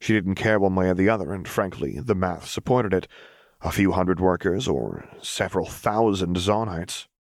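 A man reading fan fiction aloud in a measured, even narration. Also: low-pitched, no room sound, studio quality. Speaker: audiobook reader.

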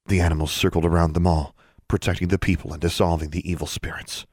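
A man narrating a fantasy novel aloud in a measured, even storytelling read. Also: sits low, breathy edge, no room sound, clean studio sound. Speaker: audiobook narrator. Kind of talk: scripted narration.

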